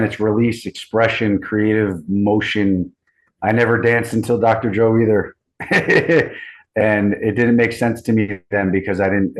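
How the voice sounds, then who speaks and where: A man in his thirties hosting a group video call, talking in a relaxed, rambling, enthusiastic way. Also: on the low side, poor audio. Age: 30s. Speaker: host.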